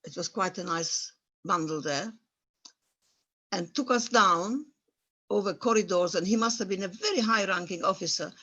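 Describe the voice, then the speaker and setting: A woman's voice: mid-range voice, moderate pace, long pauses, bright, forceful tone, husky. A woman in her eighties from the former Yugoslavia tells her own wartime story. She searches for words in non-native English and grows stirred up as she remembers. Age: 80s. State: stirred up by memories. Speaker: Holocaust survivor guest speaker. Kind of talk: personal testimony at an online talk.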